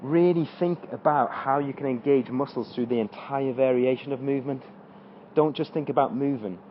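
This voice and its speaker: A man's voice: medium pitch, moderate pace, muffled recording, a little hiss or hum. A man coaching an exercise tutorial, talking through squats as he demonstrates them and straining during the reps. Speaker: fitness coach.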